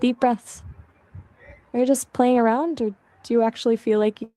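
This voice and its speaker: A woman's voice: on the high side, fairly even intonation, normal speed, mellow, no room sound. A woman's voice as an AI voice assistant, chatting casually and friendly, answering questions and asking questions back.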